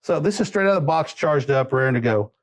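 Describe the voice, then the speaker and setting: A man's voice: a little high, fast. Chatty man demoing a product. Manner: relaxed and chatty, explains features step by step. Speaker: product presenter. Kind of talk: live product demo chat.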